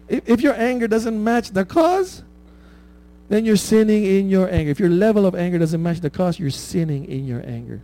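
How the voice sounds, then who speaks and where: A male preacher with a high, mellow voice delivers a conversational sermon. He keeps checking in with "right?" and laughs at his own examples. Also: lively intonation, moderate pace.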